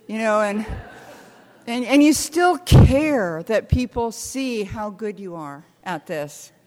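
An older American woman telling stories with wry humor, talking haltingly with many restarts. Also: medium pitch, darkish tone, in a large hall. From United States. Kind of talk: reflective storytelling talk.

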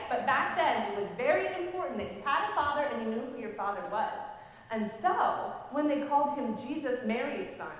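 A woman pastor preaches in a church sanctuary, her voice high and very animated as she explains things and puts questions to the people. The room rings with heavy, long reverb. Faint noise sits under it. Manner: gentle explanatory storytelling, asks the congregation questions. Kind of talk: sermon. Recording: echoey church hall from a distance.

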